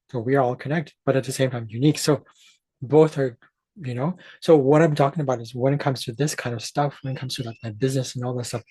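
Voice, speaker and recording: A man's voice: medium pitch, a little mellow, breathy edge, dry recording. A man hosting an astrology channel, ranting to his viewers in an emphatic, profane way and often restarting mid-sentence. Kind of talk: ranting monologue to camera.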